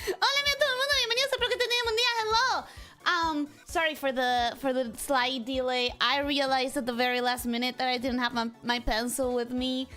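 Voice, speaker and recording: A bright, high-pitched woman streaming live, bubbly and chatty as she welcomes her viewers one by one. She rambles, laughs at her own slip-ups and pokes fun at herself. Faint music plays behind her. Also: steady tone. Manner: bubbly, greets viewers in a repeated welcome routine; rambling, self-deprecating, quick to laugh. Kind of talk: casual livestream chat.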